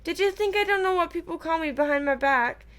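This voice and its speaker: A woman's voice: very high voice, a little fast, fairly bright tone, voice pushed up. A woman reading aloud and voicing a glum, touchy teenage girl ghost who talks sulkily and tearfully. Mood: sulky tearful. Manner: sulky, tearful.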